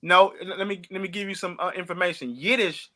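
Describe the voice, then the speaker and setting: Sharp, high-voiced, confrontational man. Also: fairly even intonation, fast talker. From St. Louis, USA. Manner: confrontational, repeats himself, laughs at opponent. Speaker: podcast host. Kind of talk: heated religious debate.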